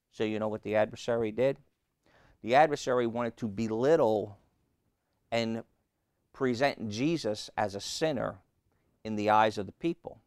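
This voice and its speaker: Gravelly low-voiced guy preaching, emphatic, asks the crowd questions, dry close sound. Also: dry recording. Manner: emphatic, rises loud and high on key points, calls out to the congregation. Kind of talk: sermon.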